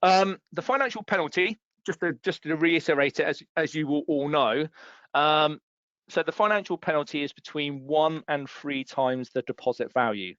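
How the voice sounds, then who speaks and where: A man's voice: fairly high pitch, normal speed, a bit bright, no echo. A man presenting a webinar on landlord rules, explaining patiently and repeating key points for emphasis. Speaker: property law trainer. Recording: dull lo-fi dry sound.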